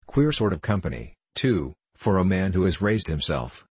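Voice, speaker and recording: A man's voice: deep voice, sing-song, moderate pace, darkish tone, husky, dry recording, exaggerated voice. A man reading the part of a boastful, self-made businessman who speaks bluffly and scornfully.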